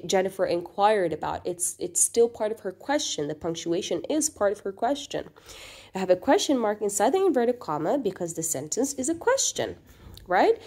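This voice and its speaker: A woman's voice: mid-range voice, dark tone. A woman teaching a recorded grammar lesson, explaining patiently and often checking in with the class. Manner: reads quoted sentences in a lifted, acted-out voice.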